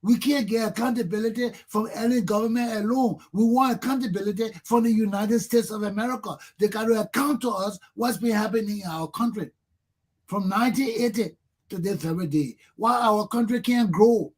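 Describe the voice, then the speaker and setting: A man's voice: high-pitched, fairly quick, darkish tone. A middle-aged Liberian man with a Liberian accent, hosting a talk show and delivering an impassioned monologue full of repeated rhetorical questions. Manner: fervent, repetitive rhetorical questions.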